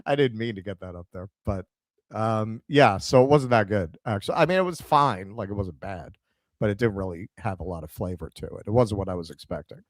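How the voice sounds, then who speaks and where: A man's voice: fairly low pitch, fairly quick, no echo. New York man telling stories. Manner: storytelling, animated, swearing, quotes others in dialogue. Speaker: podcast co-host. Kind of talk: casual chat.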